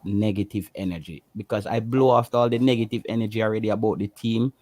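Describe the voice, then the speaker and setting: A man's voice: fairly low pitch, steady tone, fast, a little mellow, no room sound. A passionate Jamaican man co-hosting a casual livestream chat, emphatic and given to repeating himself. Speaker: co-host.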